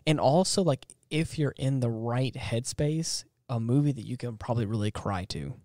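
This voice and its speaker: A man's voice: mid-range voice, moderate pace, mellow, no room sound, studio quality. A man co-hosting a podcast, chatting casually about a film with many restarts and fillers. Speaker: podcast co-host.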